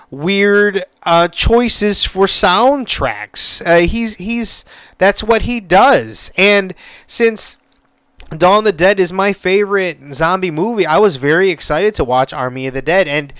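Rambling, profane podcast host with a smooth voice. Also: male voice, sits high, fairly bright tone, no echo. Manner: rambling, repeats words, swears freely. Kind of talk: casual solo podcast chat.

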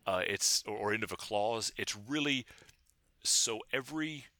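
A man's voice: lowish voice, bright, forceful tone, no echo. A man, a linguist, discussing his research in a casual academic conversation, talking with frequent restarts and fillers. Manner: halting, many restarts. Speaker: linguist guest.

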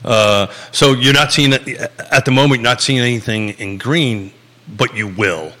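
Bright-voiced older Long Island man. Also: medium pitch, measured pace, big-room sound. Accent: Long Island New York. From Long Island, New York. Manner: rambling, loose, with many fillers and restarts. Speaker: real estate talk show host. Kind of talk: live talk show chat.

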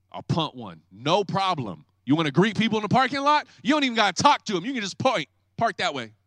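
Man, pastor, lively joking sermon, high-pitched, bright tone. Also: normal speed, no echo. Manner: energetic, joking, acts out congregants' excuses.

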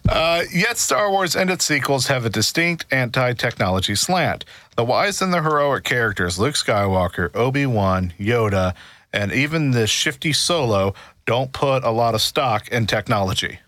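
A man talks through his ideas in a relaxed discussion, circling back and restarting as he builds each point. His voice is bright and forceful, and it sounds dry and close to the mic. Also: medium pitch, moderate pace, no room sound. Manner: earnest, explains at length with many restarts. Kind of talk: casual discussion.

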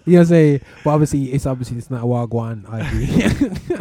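A man's voice: medium pitch, animated, a little fast, warm tone, no room sound. Stammering man hosting radio. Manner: stammering, restarts, laughs a lot. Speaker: radio show host. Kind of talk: casual banter on live radio.

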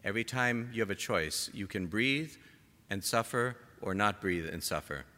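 A man preaching a sermon to a gathered congregation, impassioned, rising to emphatic peaks and dropping to soft, quiet lines. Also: on the low side, expressive, moderate pace. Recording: long hall reverb.

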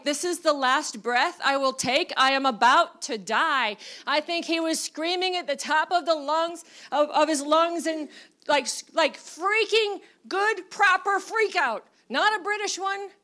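A woman's voice: high-pitched, sharp tone. A woman preaching a sermon in a conversational way, with fillers and laughs, rising to emphatic bursts.

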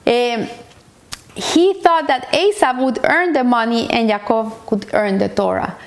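A woman's voice: on the high side, a little slow, creaky. A woman teaching a Torah portion as a story, retelling it earnestly with frequent restarts and Hebrew terms mixed in.

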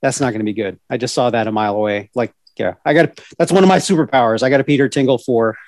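A man co-hosting a casual podcast chat, excitable and full of stumbling restarts. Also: medium pitch, fast talker, no room sound. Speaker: podcast co-host.

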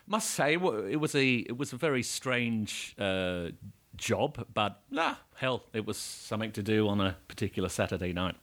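A man with an Australian accent, a guest actor telling stories in casual podcast chat with a wry, deadpan manner. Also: fairly low pitch, moderate pace.

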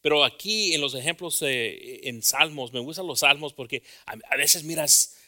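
A man preaching an informal sermon, talking conversationally and checking in with the congregation, then building to loud, fervent exhortation. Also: fairly high pitch, a little fast. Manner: conversational, often asks the congregation "right?".

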